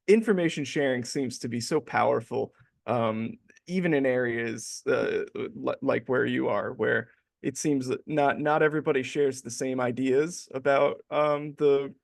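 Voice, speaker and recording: Gravelly-voiced male podcast host. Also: medium pitch, fairly even intonation, a little slow, no room sound, clean studio sound. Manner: attentive, encouraging interviewer. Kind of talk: interview conversation.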